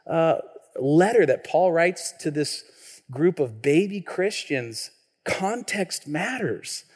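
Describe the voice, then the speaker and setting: A man in his thirties from Washington state, a pastor preaching a sermon in an animated, conversational way, with frequent restarts and questions to the congregation. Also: fairly high pitch. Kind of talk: sermon with personal storytelling. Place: church sanctuary. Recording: long reverb of a church hall.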